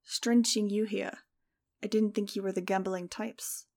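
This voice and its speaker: A woman reading the part of a polite, quietly menacing male scientist villain in an audiobook. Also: mid-range voice, little pitch movement, a little slow, creaky. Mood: courteous. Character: smooth-talking male scientist villain, middle-aged.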